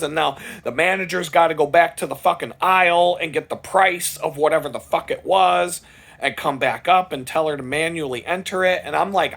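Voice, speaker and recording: A man telling a rambling, profane story in a casual vlog. He gets louder and higher as it builds. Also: moderate pace, creaky. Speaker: vlogger.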